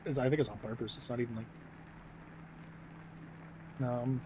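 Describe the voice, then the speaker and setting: A man's voice: medium pitch, steady tone, moderate pace. A young American man chatting casually on stream in a mid-range voice, rambling and restarting his sentences with lots of fillers. A faint noise sits under his voice. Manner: rambling, filler-heavy, self-interrupting.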